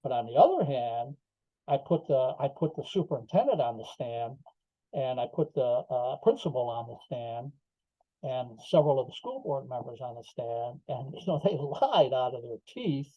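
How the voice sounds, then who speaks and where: A man's voice: medium pitch, sing-song, moderate pace, no echo. An older man, a podcast guest, telling his story emphatically with rhetorical asides. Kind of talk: interview storytelling. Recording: slightly dull lo-fi audio.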